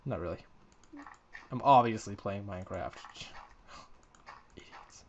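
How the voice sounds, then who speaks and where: A man's voice: lowish voice, a little slow, a little hiss or hum. A young man giving casual, crude, joking commentary while playing a game, talking to the creatures on screen. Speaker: gamer uploading let's-play videos.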